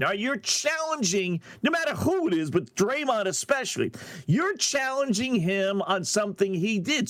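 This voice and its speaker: A man's voice: high-pitched, fairly bright tone, no room sound. A middle-aged man hosting a sports betting radio show, talking in a brash, sarcastic, rambling monologue.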